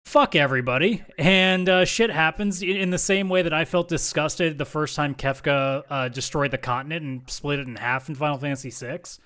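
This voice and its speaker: A man with a fairly high, smooth, resonant voice chats as a podcast co-host. He talks candidly and drops swear words casually as he goes. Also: fairly even intonation, normal speed, hardly any pauses, fairly bright tone. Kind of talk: casual chat.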